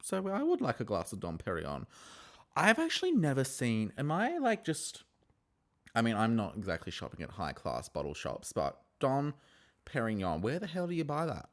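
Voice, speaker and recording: A man's voice: medium pitch, moderate pace. A man hosting a podcast, recapping a reality show in casual chat, swearing, laughing and acting out the cast's quotes. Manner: chatty, animated, swears and laughs often, acts out quotes.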